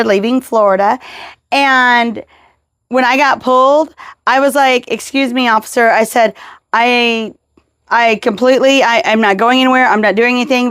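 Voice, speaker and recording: A woman's voice: on the high side, no room sound, clean studio sound. A woman hosting a podcast, talking earnestly and with emphasis as she shares her own experience. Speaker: podcast host. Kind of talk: casual interview chat.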